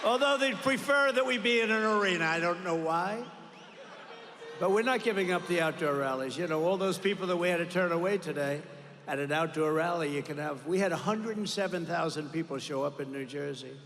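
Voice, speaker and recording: A man's voice: fairly high pitch, brisk, a bit bright, slight background noise. Older man giving a rambling rally speech. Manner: repetitive, boastful, rambling asides. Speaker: political rally speaker. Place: large arena. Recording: echoey arena with long reverb.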